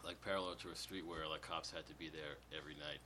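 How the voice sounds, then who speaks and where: A man's voice: extremely low pitch, steady tone, fast, bright, forceful tone. A man from New York, a guest musician, giving short, laconic answers in casual chat.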